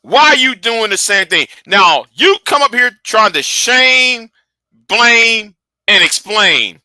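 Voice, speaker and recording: A man hosting casual commentary, animated and rambling, often restarting and sinking to mutters. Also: high-pitched, slow, no room sound. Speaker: commentary host.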